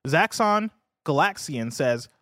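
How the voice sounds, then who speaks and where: Man from the US, upbeat podcast host, slightly high voice, dry close-miked sound, laughs easily. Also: lively intonation, slow pace, bright, forceful tone, no echo. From United States. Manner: upbeat, laughs easily, trips over words. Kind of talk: casual gaming news chat.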